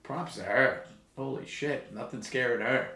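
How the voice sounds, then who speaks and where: A man ranting through a live game watch-along in a mid-pitched voice, sarcastic and quick to swear. His exasperation shows throughout, and the sound bounces around a roomy, echoey space. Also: bright, forceful tone. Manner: sarcastic, profane, exasperated rants. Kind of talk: casual live sports commentary. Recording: roomy echo.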